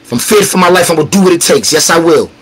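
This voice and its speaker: A man chatting casually on a livestream as a battle rapper guest, animated, profane and combative, teasing the chat directly. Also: on the high side, quick pace, breathy edge.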